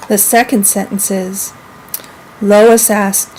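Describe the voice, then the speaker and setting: A woman teaching a lesson to young children, speaking clearly and acting out example sentences with lively expression. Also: mid-range voice, moderate pace, noisy background. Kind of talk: model classroom minilesson.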